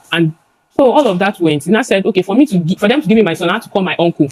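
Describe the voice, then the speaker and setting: A young woman with a Nigerian accent testifies before a judge, her words tumbling out fast. She stumbles, restarts and repeats herself as she gives her emotional account, her voice pitched in a middle range. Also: animated, low-quality recording.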